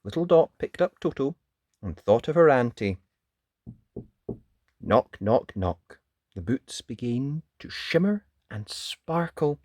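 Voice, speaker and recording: A man reading a children's picture book aloud as a storyteller, with expressive, sing-song narration. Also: on the high side, unhurried, dry recording, studio quality.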